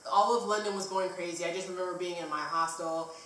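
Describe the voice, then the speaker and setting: A woman's voice: lowish voice, fairly even intonation, fast talker, fairly bright tone, a little hiss or hum. A woman vlogger telling a travel story in a rambling, casual way, with lots of fillers and some swearing. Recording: echoey room, distant mic.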